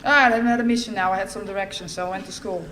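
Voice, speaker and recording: A woman's voice: medium pitch, steady tone, racing, very noisy. A middle-aged woman from the Netherlands, giving a candid, wry personal testimony as a speaker at a recovery meeting.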